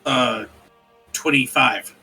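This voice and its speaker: A man's voice: mid-range voice, slow, pushed and bright, soft background music. A man running a live tabletop game as game master, making blunt rulings with casual swearing and jokes.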